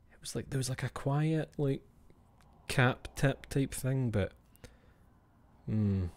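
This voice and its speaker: A man's voice: lowish voice, darkish tone. A Scottish man chatting casually with his stream viewers, swearing and laughing, and often dropping to a whisper for asides.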